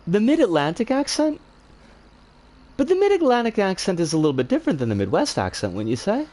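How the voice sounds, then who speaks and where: Guy streamer rambling at chat, voice sits a bit high and jumps all over the place, swears casually. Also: wildly swooping pitch, a little fast, darkish tone. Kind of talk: casual chat answering viewer comments.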